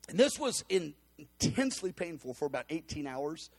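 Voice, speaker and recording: A man telling a personal testimony in an animated storytelling manner, acting out the quotes with cries and laughs. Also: a little high, normal speed, slightly rough.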